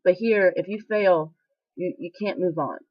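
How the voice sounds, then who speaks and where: A woman's voice: on the low side, normal speed, dry recording. A young woman in military training, talking candidly in a casual confessional vlog, rambling and emotional with many fillers. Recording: dry, slightly dull lo-fi sound.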